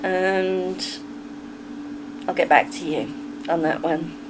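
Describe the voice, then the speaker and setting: A woman's voice: lowish voice, fairly even intonation, takes it slowly, background noise. A woman live streaming in a casual, chatty way, reading out her chat and often breaking into giggles.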